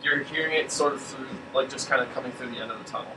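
A man narrating a tabletop game as game master, relaxed and hesitant with lots of fillers, recorded far from the mic in a roomy space with air-conditioner hum. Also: mid-range voice, very fast.

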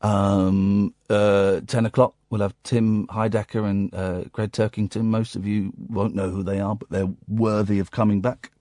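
A man's voice: on the low side, level tone, measured pace, hardly any pauses, warm tone, no room sound, studio quality. A man hosting a late-night radio show, rambling and sardonic, with bursts of mock outrage. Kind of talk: casual talk radio monologue. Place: radio studio. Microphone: studio microphone.

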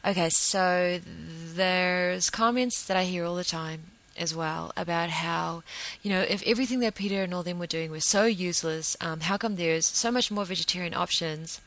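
A woman speaking in an animated, exasperated casual monologue as a vegan advocate, full of fillers. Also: on the low side, moderate pace, rough recording.

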